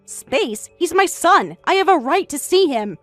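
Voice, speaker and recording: A woman voicing a frantic, defensive middle-aged mother who talks in a shrill, insistent, raised voice over faint music. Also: sing-song, moderate pace, no room sound.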